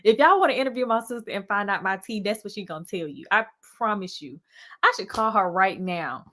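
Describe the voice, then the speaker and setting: A woman's voice: medium pitch, fairly quick, a little hiss or hum. Sassy woman chatting on a live stream. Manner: animated, sassy, addresses viewers as y'all. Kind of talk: casual live-stream storytelling.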